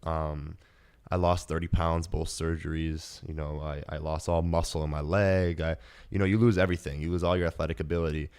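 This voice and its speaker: A young man in his twenties with a very deep, low voice hosts his own podcast. He tells a personal story in an earnest, emotional way, full of ums and false starts. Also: flat delivery, brisk, darkish tone, clear, resonant tone. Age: 20s. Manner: earnest, emotional, with many fillers and restarts. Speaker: podcast host.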